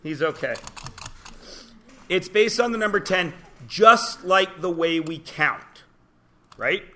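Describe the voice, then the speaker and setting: A man's voice: high voice, animated, slow pace, pushed and bright, a little hiss or hum. A man teaching a class, chatty and joking as he lectures and quizzes his students in a classroom.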